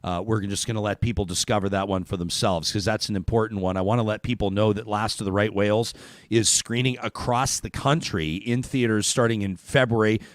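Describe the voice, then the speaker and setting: A man hosting a talk show, telling stories in a lively, rambling way with many restarts. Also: lowish voice, brisk, no room sound, studio quality. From Canada. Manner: animated storyteller, chatty with many restarts. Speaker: radio talk show host. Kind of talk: casual talk show chat.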